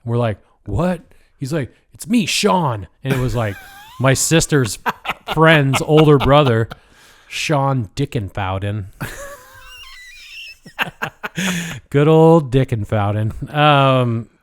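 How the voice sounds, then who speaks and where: A man's voice: medium pitch, wildly swooping pitch, slow pace, pauses often. Swearing, rambling Pacific Northwest man. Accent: Pacific Northwest American. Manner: rambling, heavy swearing, whispers quoted lines. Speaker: podcast co-host. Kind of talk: casual storytelling chat.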